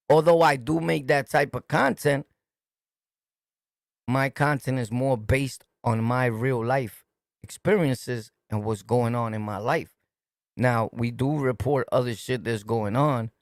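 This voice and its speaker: A man's voice: mid-range voice, gravelly, no room sound, clean studio sound. A man with a New York accent hosting a casual commentary stream, talking in a streetwise, repetitive, emphatic way. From New York City. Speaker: host. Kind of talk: casual commentary to a livestream chat.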